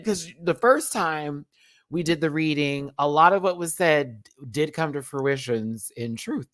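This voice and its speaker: Slow and sing-song, this young man's voice is a little high and a bit bright. He hosts a relaxed drag race review livestream, laughing frequently as he reads viewer messages using affectionate nicknames, in a studio-quality recording without echo.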